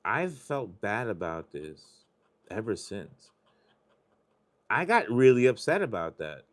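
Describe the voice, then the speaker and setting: A man's voice: fairly low pitch, very animated, takes it slowly. A man hosting a live stream, chatting casually in a rambling, confessional way and swearing freely. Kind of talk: casual chat while scratching lottery tickets.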